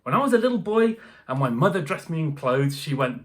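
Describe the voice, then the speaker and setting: Animated, chatty man reviewing a guitar. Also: medium pitch, fast talker. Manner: chatty, animated, jokey asides. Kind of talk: casual unboxing review.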